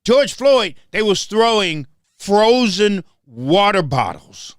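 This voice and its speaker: Emphatic man with a lively voice. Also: high-pitched, slow pace, no echo, studio quality. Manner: repetitive, restarts phrases, emphatic. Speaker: show host. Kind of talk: casual commentary monologue.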